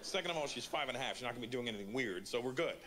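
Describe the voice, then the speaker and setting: A man's voice: medium pitch, animated, very fast, a bit bright, slight background noise. A man in his forties from Canada performing a stand-up comedy routine, telling a story and acting out the quotes. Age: 40s.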